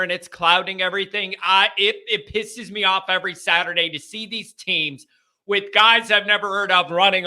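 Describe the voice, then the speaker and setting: Bright-voiced, ranting young man host. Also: high-pitched. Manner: heated, ranting and exasperated. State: stuffy sinuses. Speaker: fan show host. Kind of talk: live-streamed fan show rant.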